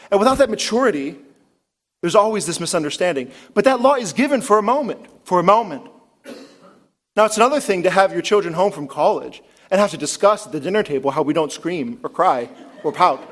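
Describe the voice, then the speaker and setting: A man preaching a sermon in an animated way, asking many rhetorical questions and rising to emphatic peaks. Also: sits high. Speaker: pastor.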